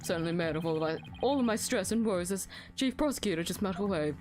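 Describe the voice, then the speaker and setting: A woman's voice: on the low side, lively intonation, fast talker, darkish tone, soft background music, close to an everyday voice. A woman doing a smug, posh British prosecutor man. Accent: exaggerated British. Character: smug adult male chief prosecutor.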